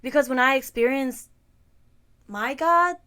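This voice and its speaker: A woman's voice: high-pitched, clean tone. A woman co-hosting a casual podcast, speaking candidly and expressively. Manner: expressive, quick affirmations, candid. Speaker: podcast co-host.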